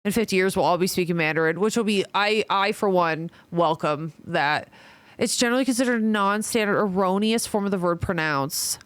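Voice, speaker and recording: A woman's voice: medium pitch, brisk, clear, resonant tone, no echo. A woman with a Midwestern American accent chatting casually with her stream viewers, reading their messages aloud and swearing freely. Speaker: livestreamer.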